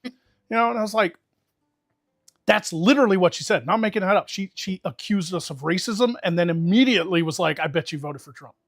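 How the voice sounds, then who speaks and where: Animated man telling a story, dry close mic. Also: high voice, brisk, vocal fry, no room sound, soft background music. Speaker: streamer chatting with friends. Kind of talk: casual storytelling chat.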